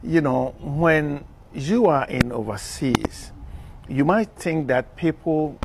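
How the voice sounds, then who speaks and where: A man's voice: on the high side, takes it slowly. A man, speaking earnestly in a casual interview.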